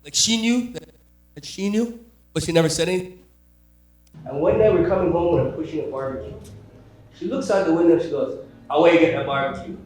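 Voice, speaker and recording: A man from Jamaica, doing a stand-up comedy set with punchy storytelling and quick character voices. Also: fairly high pitch, darkish tone. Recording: roomy, distant mic.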